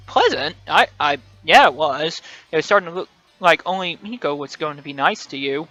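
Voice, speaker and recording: A man's voice: fairly high pitch, lively intonation, moderate pace, pushed and bright, no echo, muffled recording, soft background music. A young man hosting a let's play, reading a dating game aloud with joking, playful asides.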